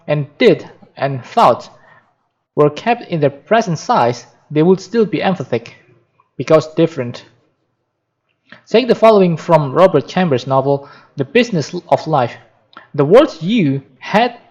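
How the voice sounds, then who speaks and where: A man with a fairly high voice reads a book aloud for practice, his pitch rising and falling in lively swings. He goes carefully, often stopping to restart and correct a word. The recording sounds dull and lo-fi. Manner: careful reading with frequent restarts and self-corrections. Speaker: reader practicing reading aloud.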